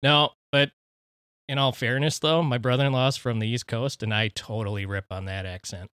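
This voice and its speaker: A man's voice: mid-range voice, fairly even intonation, moderate pace, a bit bright, clean tone, dry recording, clean studio sound. A man from Minnesota co-hosting a podcast, laid-back and wry, swearing casually in banter. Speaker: podcast co-host.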